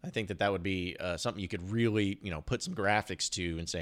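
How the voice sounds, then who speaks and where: A man's voice: low-pitched, fast talker. A man hosting a casual sports podcast, talking in a rambling, loose way with joking asides and restarts. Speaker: podcast host.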